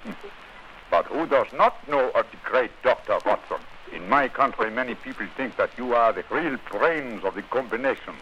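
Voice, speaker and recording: A man voices a brilliant detective in a vintage radio drama, crisp and assured. His low voice is bright and swings widely in pitch. A faint hiss sits under it. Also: expressive, quick pace, lo-fi sound, close to an everyday voice. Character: clever, dryly amused male detective. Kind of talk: 1940s radio acting.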